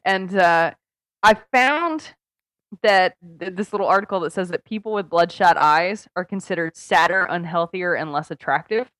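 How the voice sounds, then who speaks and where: A young woman co-hosting a casual comedy podcast over a Skype call, talking loudly and laughing often. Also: lowish voice, normal speed, dry recording. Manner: loud, excitable, laughs often. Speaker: podcast co-host.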